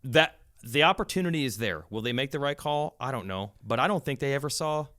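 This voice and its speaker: A man's voice: mid-range voice, lively intonation, fairly quick, sharp tone. A man in casual chat, telling stories animatedly and acting out quoted people.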